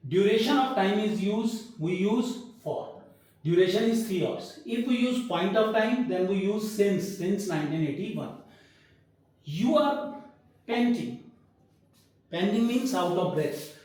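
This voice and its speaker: A man teaching English grammar in a classroom lecture, explaining slowly and repeating his points. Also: high-pitched, darkish tone. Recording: echoey room, mic far off.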